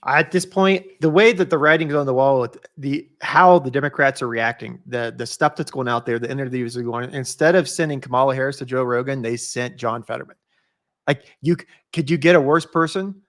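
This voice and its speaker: A man of ordinary pitch co-hosting a political podcast. He lays out his opinions at a measured, steady clip. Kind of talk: casual political podcast chat.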